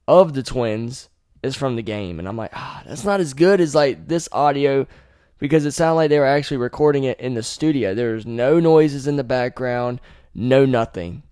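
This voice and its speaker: Young male host, casual game retelling, profane and animated, mid pitch. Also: clean tone, no room sound, studio quality. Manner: animated, profane, laughing asides. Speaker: podcast host.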